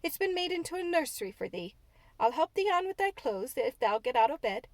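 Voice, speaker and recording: A woman's voice: sits high, big pitch swings, brisk, no echo. A woman voicing a young, chatty, good-natured housemaid with a broad Yorkshire accent. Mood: soothing. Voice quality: broad dialect, homely and frank.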